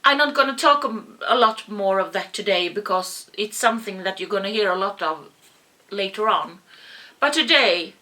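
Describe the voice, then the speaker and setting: Bright-voiced woman telling a personal story. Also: medium pitch, lively intonation. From Sweden. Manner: halting, repeats words, rises to yelling when quoting herself. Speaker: vlogger.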